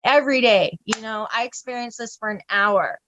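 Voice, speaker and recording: A woman guest on a podcast telling stories in casual chat, animated and profane, often breaking into laughter. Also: mid-range voice, normal speed, muffled recording.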